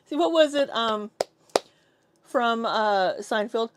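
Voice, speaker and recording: A woman's voice: a little high, animated, very slow, long pauses, no room sound. An American woman chatting casually with her viewers on a live stream, laughing often and joking around. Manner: chatty, laughs often, tries out silly accents.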